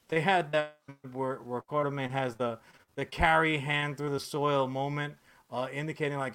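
A man's voice: on the high side, animated, moderate pace, a bit bright, faint music behind. A man hosting a podcast in casual chat, ranting with lots of swearing and filler words. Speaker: podcast host.

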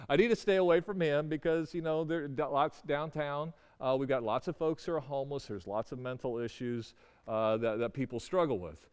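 A man's voice: a little high, a little mellow, smooth. Resonant man telling a story. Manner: halting, with stammered restarts. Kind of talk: personal storytelling. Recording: long reverberant hall.

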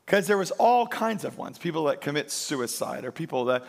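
A man preaching a sermon as pastor, emphatic, slowing and lifting his voice on key lines. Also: on the high side, big pitch swings, vocal fry. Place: church.

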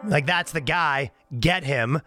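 A man, a comedian guest, telling a rambling, halting story in casual chat and laughing at his own words. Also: on the high side, loud music behind the voice.

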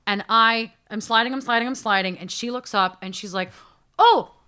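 A young American woman telling a story in casual chat, animated and acting out the quotes. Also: a little high, fairly quick, clean tone. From United States. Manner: animated, acts out quotes, frequent restarts.

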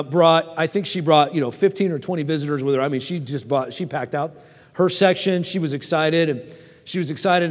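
A man in his forties preaching a sermon and telling personal stories in a folksy way, often stammering and restarting, and asking the audience questions. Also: a little high. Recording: long hall reverb.

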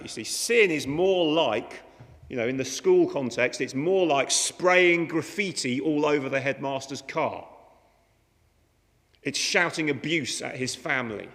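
A man's voice: on the high side, vocal fry, a bit bright. A man preaching a sermon in a chatty way, often asking the listeners rhetorical questions. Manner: conversational, many rhetorical questions. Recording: long hall reverb.

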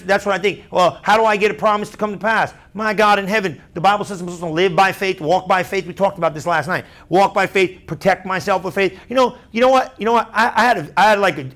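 A man pastor preaching a sermon through a story, chatty and animated, often asking the crowd "right?". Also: sits high.

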